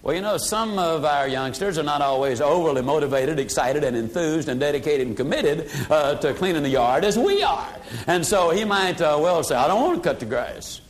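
An older man teaching a sales seminar in a folksy way, dropping his voice low for emphasis. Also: moderate pace, few pauses. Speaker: sales trainer. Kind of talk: motivational seminar talk.

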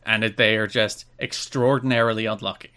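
A man's voice: lowish voice, fairly even intonation, fairly quick, pushed and bright. A man co-hosting a casual podcast, reading out news items and riffing on them with dry humour. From Ireland. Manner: dry, reads news items then riffs. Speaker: podcast co-host.

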